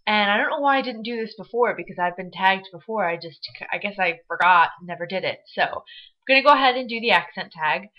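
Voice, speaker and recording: Talking fast and animated in a mid-range voice, this young vlogger from Michigan chats bubbly and casual with plenty of fillers. She has a Midwestern American accent, and the webcam audio is dull and lo-fi.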